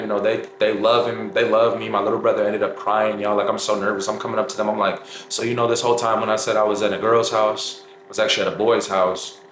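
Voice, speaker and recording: A man's voice: lowish voice, fairly bright tone. A young man telling a personal story to his viewers in a chatty, casual way, often calling them y'all. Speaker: vlogger. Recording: echoey room with faint noise.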